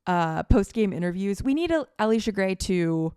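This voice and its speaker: A woman's voice: medium pitch, animated, normal speed, darkish tone, clean tone, no echo. Dry-voiced woman chatting sports. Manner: enthusiastic, gushing fan talk. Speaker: podcast co-host. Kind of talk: casual sports chat.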